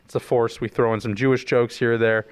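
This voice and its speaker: A man's voice: medium pitch, little pitch movement, quick pace, clear, resonant tone. Rambling, joking young man on a podcast. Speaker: podcast co-host. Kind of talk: casual chat.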